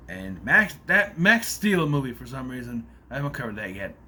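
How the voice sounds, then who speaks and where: A man's voice: medium pitch, very animated, normal speed, sharp tone, breathy edge. A man casually recapping a movie plot in a rambling, loose way, swearing freely as he goes.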